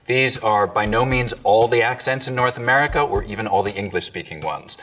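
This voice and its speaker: A man, a dialect coach, explaining accents in an educational video with clear, lively delivery. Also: on the low side, a little fast, recorded from a distance, soft background music.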